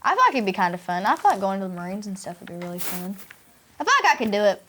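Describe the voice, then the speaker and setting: Fast-talking brash Southern woman. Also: medium pitch, sing-song, noisy background. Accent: Southern US, Tennessee. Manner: brash, slangy, quick joking. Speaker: podcast host. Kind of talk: casual chat. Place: outdoors on a porch.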